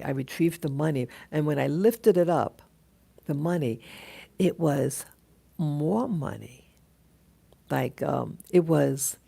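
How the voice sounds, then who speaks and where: A woman telling a dream in a casual, halting monologue, full of restarts and fillers as she greets viewers of her live stream. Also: low voice, vocal fry, dark tone. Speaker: vlogger recounting a dream.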